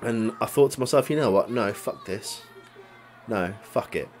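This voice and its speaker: A man's voice: on the low side, normal speed, a little mellow. Young man telling a story. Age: young adult. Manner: swears a lot, recounts a grudge; laughs while telling the story. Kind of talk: casual chat.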